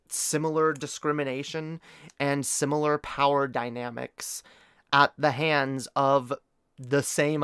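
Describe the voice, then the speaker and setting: A man's voice: fairly high pitch, a bit bright, smooth, no room sound, studio quality. A man talking to his chat on a live stream, rambling and opinionated, swearing casually among lots of fillers and restarts. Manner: earnest and opinionated, addresses chat directly.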